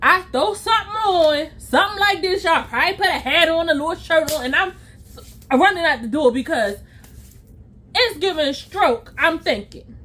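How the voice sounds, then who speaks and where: A woman vlogger spins a storytime tale in a high, bright voice. She is animated and chatty, acting out quotes and tossing in sound effects as she goes. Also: normal speed. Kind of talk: storytime vlog.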